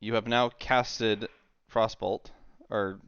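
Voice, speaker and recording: A man's voice: fairly low pitch, steady tone, slow, a bit bright, clean tone, no echo. A man running an online tabletop game as game master, recapping loosely with many fillers and laughing often. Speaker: dungeon master. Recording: slightly dull, dry voice-call audio.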